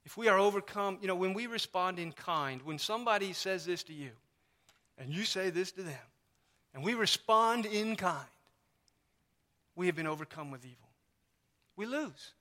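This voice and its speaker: A man's voice: high-pitched, expressive, normal speed, pauses often, bright, forceful tone. A man preaching a sermon as pastor in a church, in an emphatic, conversational way with lots of repetition. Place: church sanctuary. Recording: long reverb of a church hall.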